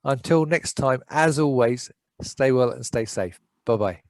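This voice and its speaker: A man's voice: medium pitch, unhurried, darkish tone. A male interview host thanks his guest and turns to the viewers. He sounds upbeat and polite. The audio is dry, with no room echo. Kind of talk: business interview.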